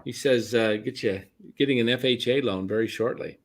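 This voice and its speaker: A man's voice: mid-range voice, moderate pace. A man chatting casually on a sports show, rambling with hesitations and jokey asides.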